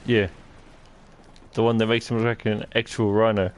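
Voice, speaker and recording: A man chatting and joking with friends while playing a game, excitable and playful. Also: fairly low pitch, normal speed, soft background music. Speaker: gamer on a stream. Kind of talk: casual chat while gaming.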